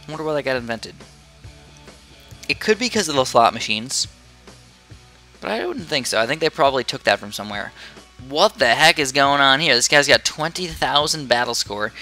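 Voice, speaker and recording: A man's voice: medium pitch, expressive, moderate pace, bright, forceful tone, soft background music. A man chatting casually into a headset as he plays and comments on a tower defense game from his room, rambling and easily distracted. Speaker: gaming commentator.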